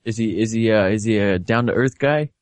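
Low-voiced polite podcast co-host man. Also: brisk, no room sound. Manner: brief, polite interjections. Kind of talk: casual podcast chat.

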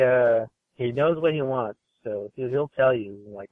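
Over phone-like call audio with no echo, a male podcast guest chats loosely about working at a studio. He speaks at a medium pitch and normal speed with few pauses, relaxed and rambling, using lots of fillers and restarts.

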